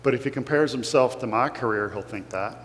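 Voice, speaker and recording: A guest speaker from Kentucky, with the accent to match, delivers an earnest, emotional motivational talk to an audience in a large hall. His mid-range voice moves a little fast. The recording is echoey, with a faint hum.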